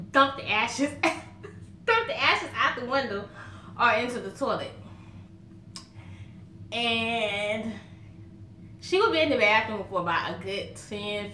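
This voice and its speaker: With a fairly high, bright and forceful voice, a Southern vlogger talks to camera against slight background noise and roomy echo. Her Southern American accent and folksy stories come with frequent laughter in this casual chat.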